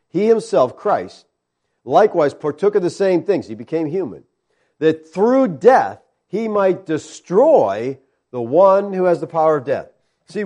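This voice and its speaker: Mellow-voiced man preaching emphatically. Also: on the high side. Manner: emphatic, rhetorical questions to listeners. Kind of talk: sermon.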